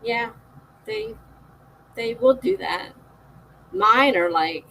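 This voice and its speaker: A woman's voice: on the high side, huge pitch swings, extremely slow, long pauses, bright, forceful tone, poor audio. A middle-aged woman hosting a live stream, chatting casually with viewers, laughing often and reading out their comments.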